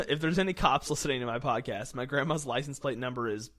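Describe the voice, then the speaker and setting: A young man hosts a loose, casual podcast chat with his family. He jokes and teases in a sarcastic way and breaks into laughter often. His voice sits at an ordinary middle pitch for a man. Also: background noise. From West Virginia. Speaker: podcast host.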